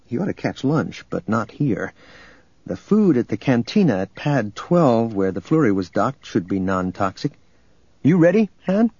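Husky guy narrating an audiobook, steady even delivery, dull lo-fi recording. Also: on the low side, dry recording. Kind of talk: scripted narration.

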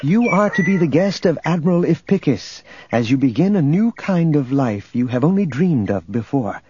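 A man's voice: fairly high pitch, expressive, moderate pace, noisy background, voice pushed up, close to an everyday voice. A man voicing an earnest, anxious young boy in an audiobook. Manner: anxious, pleading. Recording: dull lo-fi recording, faint music.

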